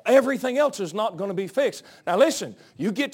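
A male pastor preaching a sermon, out of breath, swinging from folksy asides to shouted peaks. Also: high-pitched, very animated, brisk, few pauses, breathy edge. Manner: folksy, joking asides to the congregation.

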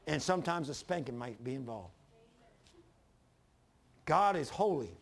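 A man preaching a fervent sermon as pastor, swinging from loud emphasis to hushed lows and calling on the congregation to answer. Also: lively intonation, unhurried, breathy edge. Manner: calls for congregation responses.

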